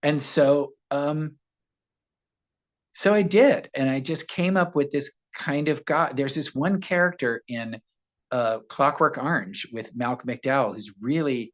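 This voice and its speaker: An American man, an actor, telling animated anecdotes as a guest, slipping into voices as he goes. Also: medium pitch, a little slow, muffled recording. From United States. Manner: animated storyteller, slips into voices. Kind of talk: casual interview anecdote.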